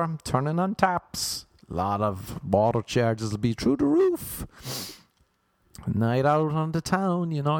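A man's voice: high-pitched, vocal fry, a little mellow, no echo. A young Irish man telling rambling, self-mocking comic stories, often laughing at his own jokes. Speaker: comedian. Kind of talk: comic monologue.

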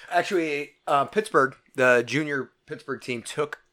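A man co-hosting a sports podcast, relaxed and matter-of-fact, chiming in with short remarks. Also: on the high side, slow pace. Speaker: podcast co-host. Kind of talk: casual chat.

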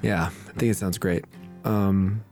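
A man's voice: low-pitched, steady tone, measured pace, music in the background. A man hosting a podcast, wrapping up in a loose, rambling, casual way. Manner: rambling, loose, many fillers and restarts. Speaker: podcast host. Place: studio.

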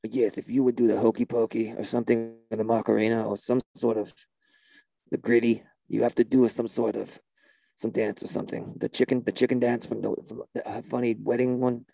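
A man playing a spaced-out, deadpan male shaman guitarist who drawls mystical non sequiturs in a gravelly, husky voice. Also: medium pitch, brisk, no room sound.

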